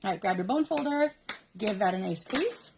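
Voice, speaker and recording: A woman's voice: mid-range voice, lively intonation, normal speed, vocal fry, noisy background. A woman hosting a live card-making demonstration, chatty and instructional, laughing often as she talks viewers through each step. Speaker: papercraft host.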